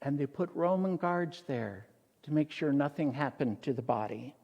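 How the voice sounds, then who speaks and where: A man's voice: a little high, moderate pace, big-room sound, lo-fi sound, voice pushed down. A pastor voicing a grieving, earnest male disciple who recounts events in a raised voice, in a sermon.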